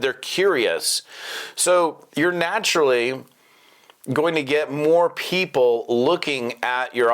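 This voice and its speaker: A middle-aged man coaching network marketers in an energetic, casual talk, quickly acting out bits of phone dialogue with prospects. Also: mid-range voice. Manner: fast, animated, acts out quick prospect dialogues.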